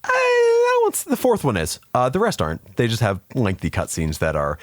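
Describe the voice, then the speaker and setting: A man co-hosting a podcast, chatting casually, swearing freely and animated. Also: mid-range voice, no echo, clean studio sound. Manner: animated, swears freely, jumps into quick put-on voices. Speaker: podcast co-host. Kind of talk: casual chat.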